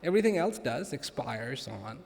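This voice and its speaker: A man giving a slow, emphatic talk to a live audience, with playful humor and long dramatic pauses. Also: medium pitch, big pitch swings, creaky, a little mellow, a little hiss or hum. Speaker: speaker addressing an audience. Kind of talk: spoken address to a live audience. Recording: long hall reverb.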